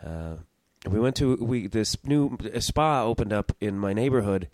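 A man's voice: lowish voice, animated, moderate pace, darkish tone, no room sound. A young man hosting his own podcast, telling a story in a rambling, self-interrupting way and swearing casually. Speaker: podcast host.

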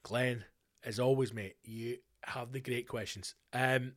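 A Scottish man talks alone into his podcast mic, answering listener questions in a loose, rambling way. He gets animated when he spins out a scenario, and he swears freely. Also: medium pitch, a little slow. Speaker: podcast host.

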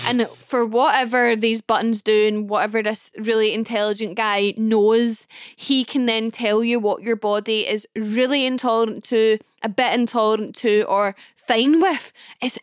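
A Scottish woman in her early twenties with a Glasgow accent, hosting a podcast and telling a personal story in a chatty, expressive way with comic exaggeration. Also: on the high side, smooth, no echo, studio quality. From Scotland. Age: early 20s. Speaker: podcast host. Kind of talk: casual storytelling monologue.

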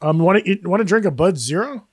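Man, podcast co-host, casual chat, self-deprecating, laughing while talking, fairly high voice, dry close sound. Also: animated, fast talker, slightly rough, dry recording. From Greek heritage.

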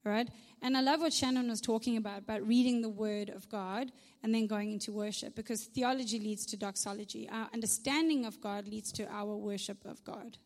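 A woman's voice: mid-range voice, steady tone, a little fast, few pauses, long reverb tail. A woman preaching a conversational sermon with humorous asides, often checking in with "right?". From South Africa.

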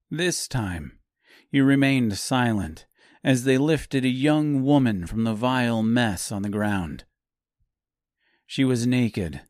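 A male narrator reading a dark fantasy audiobook at a slow, deliberate pace, with a measured, grim delivery. His voice sits at an ordinary middle pitch, and the recording is dry with no room echo.

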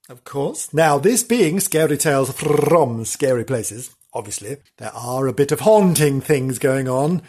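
A man's voice: mid-range voice, slightly rough. Playful theatrical man hosting a podcast. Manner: theatrical, teasing, playful asides. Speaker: podcast host. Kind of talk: comic podcast storytelling.

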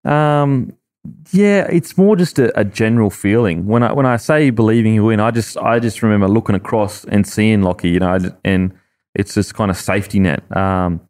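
A man's voice: fairly low pitch, moderate pace, a little mellow. An Australian man, a former rugby league player, talking earnestly and rambling with lots of restarts as a podcast guest. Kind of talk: casual podcast chat.

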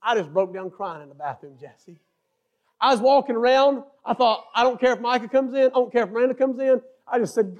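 A middle-aged man preaching a sermon as an assistant pastor, swinging from loud fervent passages to quiet, confessional ones. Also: extremely high pitch, expressive, quick pace.

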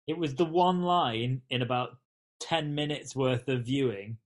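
A British man on a casual podcast, his voice pitched in the middle range. He needles his co-hosts in rough, sweary banter. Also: unhurried. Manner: teasing, profane banter. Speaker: podcast co-host. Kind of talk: casual recap chat.

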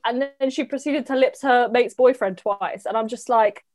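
A woman in a casual podcast chat, animated and gossipy, often slipping into little mimicking voices. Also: on the high side, a little slow, hardly any pauses.

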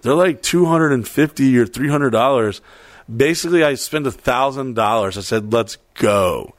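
A man's voice: medium pitch, normal speed, no room sound. Profane, rambling man telling a story. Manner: profane, rambling, animated retelling with quoted voices. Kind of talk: casual storytelling chat.

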